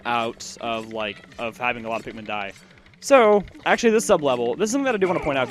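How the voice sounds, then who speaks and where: Brief 18-year-old male let's-play host, slightly high voice, rambling chatty commentary, faint game music under it. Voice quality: lively, rambling, many fillers and restarts. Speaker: gaming channel host.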